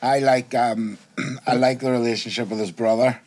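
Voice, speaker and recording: A man's voice: medium pitch, steady tone, normal speed, a little mellow. A man hosting a casual podcast chat, talking emphatically and often checking that his guest is following. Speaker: podcast host.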